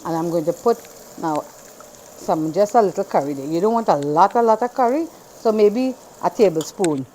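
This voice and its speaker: A woman's voice: fairly low pitch, lively intonation, normal speed, dark tone, slight background noise. A woman from Trinidad with a Trinidadian accent, hosting a casual cooking demonstration in a home kitchen. She chats as she works and repeats phrases, with a slightly irritated throat that makes her cough now and then. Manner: chatty, repeats phrases, talks while working. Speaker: cooking channel host.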